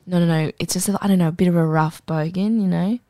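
A woman's voice: on the low side, fairly even intonation, quick pace, mellow, dry recording. Brash woman cohost, crude banter, dry close recording. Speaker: podcast co-host. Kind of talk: casual chat.

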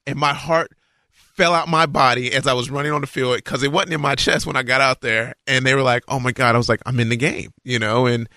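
A former football player from Kentucky, telling an old game story in a casual, lively way and acting out what others said. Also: male voice, mid-range voice, a little fast, no room sound, studio quality. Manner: lively storyteller who acts out quotes, frequent fillers.

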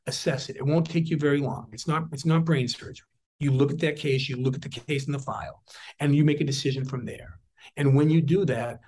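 A man's voice: on the high side, a little mellow, rough recording. A man in his sixties, a district attorney, speaking earnestly in an interview and telling stories with frequent restarts. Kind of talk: interview talk.

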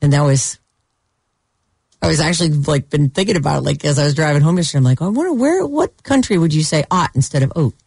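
A woman co-hosting a radio show, telling stories in animated casual banter with frequent laughs. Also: low-pitched, fast talker, creaky, slightly rough, no room sound, clean studio sound. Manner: animated storyteller, laughs often.

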